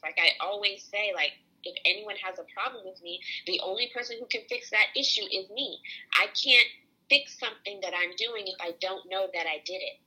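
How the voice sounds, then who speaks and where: A woman's voice: mid-range voice, a little fast, sharp tone, slightly rough, poor audio. A woman chatting casually as a podcast co-host, earnest and opinionated, reflecting on relationships and parenting. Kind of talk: casual chat.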